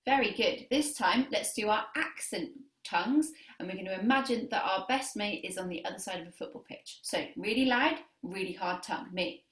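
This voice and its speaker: A woman's voice: medium pitch, normal speed, fairly bright tone. Woman, clarinet teacher, encouraging, counts students in, echoey room, distant camera mic. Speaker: music teacher. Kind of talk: beginner clarinet lesson video.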